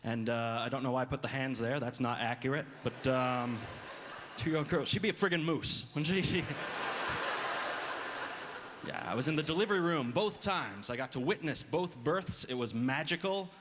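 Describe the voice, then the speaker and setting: A man doing stand-up comedy, casual and halting, with many filler words. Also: mid-range voice, fairly bright tone. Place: comedy club stage. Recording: roomy hall with audience noise.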